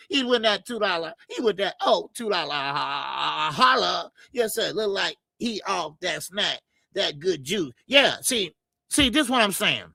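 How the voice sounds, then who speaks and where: Gravelly, high-voiced man hosting a boxing stream. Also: sharp tone, no room sound. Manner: loose and profane, lots of filler stammers. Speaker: boxing show host. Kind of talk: casual live-stream chat reading comments.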